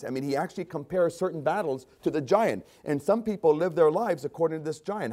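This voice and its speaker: An older man preaching a sermon, reading scripture aloud and speaking with dramatic rises and drops in emphasis. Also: a little fast. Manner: reads scripture aloud with dramatic swings in pitch and loudness. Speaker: pastor.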